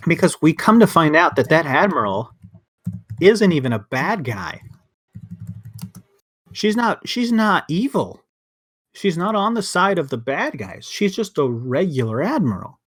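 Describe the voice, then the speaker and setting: A man co-hosting a podcast in casual chat, rambling and getting heated, with frequent restarts. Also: mid-range voice. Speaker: podcast co-host.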